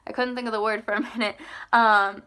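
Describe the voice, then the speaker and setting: A fairly high, bright-toned woman walks students through a writing lesson. She explains patiently and repeats key points, with frequent "um"s and a questioning "okay?" to check they follow. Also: fairly even intonation, brisk, smooth. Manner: frequent "um" fillers while thinking aloud. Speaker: teacher. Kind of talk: recorded classroom lesson.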